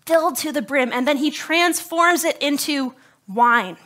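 A woman's voice: high voice, measured pace, fairly bright tone. A woman pastor preaching a sermon to her congregation, conversational and joking, with a slightly scratchy throat. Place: church service before a congregation.

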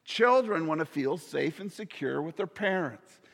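Guy preaching a sermon, earnest, a bit higher voice, drops almost to a whisper sometimes, big hall echo. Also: animated, unhurried, gravelly, fairly bright tone. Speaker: pastor.

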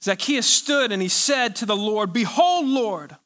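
A male pastor preaching a sermon, pressing his points with rhetorical questions and drawn-out pauses. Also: sits high, sharp tone.

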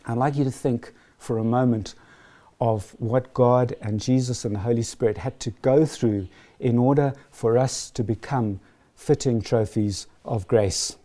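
A man preaching a sermon, earnest and emphatic, slowing down on key phrases. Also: mid-range voice, dark tone.

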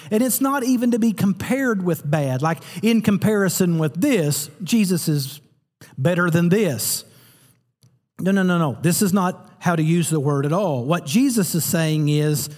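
A man's voice: high voice, a little mellow, husky, big-room sound. A man preaching a sermon as pastor, teaching earnestly and repeating words for emphasis.

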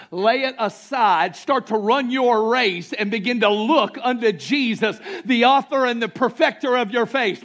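High-voiced pastor preaching with shouts and hushes. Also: male voice, normal speed. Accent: Southern US. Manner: preaching with sudden shouts and dramatic drops to near-quiet. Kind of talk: sermon. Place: church sanctuary.

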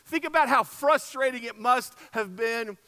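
A man preaches a sermon in a church sanctuary, retelling the story in a relaxed, conversational way and leaning on repeated phrases for emphasis. His voice sits high and sounds bright. A long hall reverb trails behind his words. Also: normal speed. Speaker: pastor.

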